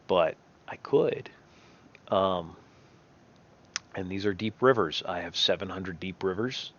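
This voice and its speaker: A man's voice: deep voice, normal speed, a bit bright, muffled recording. A man giving casual, rambling game commentary, often correcting himself as he thinks aloud. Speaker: gameplay commentator.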